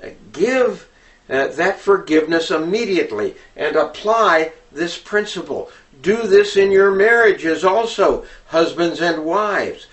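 A man gives an instructional talk on preaching in a deliberate, earnest way, often pausing with fillers. He speaks slowly in a somewhat high voice. The recording sounds distant, as if he stands well back from the microphone. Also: animated, a bit bright.

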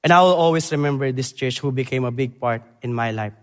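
A young man from the Philippines, preaching a sermon in halting English that moves between loud emphasis and quiet, earnest moments. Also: mid-range voice, clean tone. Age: young adult. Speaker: preacher, Bible college graduate. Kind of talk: church sermon and missions presentation. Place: church sanctuary. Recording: long church hall reverb.

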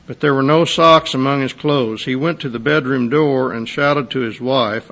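A man's voice: mid-range voice, moderate pace, gravelly, hardly any pauses, a bit bright. A man preaching a sermon, reading a testimony aloud and then expounding on it with rising intensity. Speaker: pastor.

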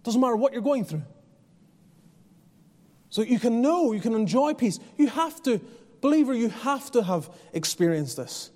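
A man's voice: extremely high pitch, animated, normal speed, pauses often, darkish tone, big-room sound. A man preaching a sermon as pastor, earnest and conversational, often restarting his phrases. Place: church.

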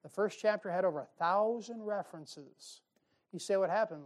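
A man's voice: sits high, normal speed. A man preaching a fiery sermon from a church pulpit, folksy and emphatic. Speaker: pastor. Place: church sanctuary.

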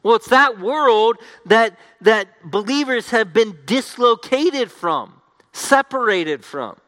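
A man's voice: sits high, lively intonation, slow pace, a bit bright. A man preaching an expository sermon as pastor, emphatic, restating each point in repeated phrases. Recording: long reverb of a large hall.

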